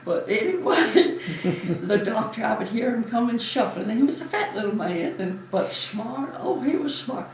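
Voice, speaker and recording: A woman's voice: a little high, big pitch swings, normal speed, hardly any pauses, a little hiss or hum. Chatty older woman in an echoey room. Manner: chatty, warm storyteller who laughs often. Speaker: veteran interviewee, former Navy nurse. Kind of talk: reminiscing interview. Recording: echoey room, distant mic.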